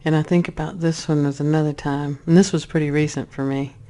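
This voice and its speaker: Animated storyteller, rambling and lively. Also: medium pitch, fairly quick. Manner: animated, acts out voices in the story; rambling, with frequent restarts. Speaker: spiritual speaker. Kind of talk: casual personal storytelling.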